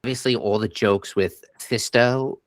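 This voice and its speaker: A man's voice: fairly low pitch, measured pace, dry recording, clean studio sound. A middle-aged man co-hosting a podcast, chatting casually about a movie and quoting scenes animatedly. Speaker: podcast co-host. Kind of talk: casual movie review chat.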